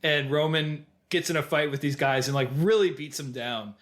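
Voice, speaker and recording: Male podcast co-host, slightly high voice, animated retelling with quoted lines. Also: normal speed. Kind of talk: casual film discussion.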